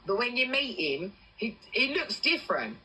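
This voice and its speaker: An English woman on a casual livestream, telling a personal story in animated bursts and swearing freely. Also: on the high side, normal speed, breathy edge, low-quality recording. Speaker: TikTok livestreamer.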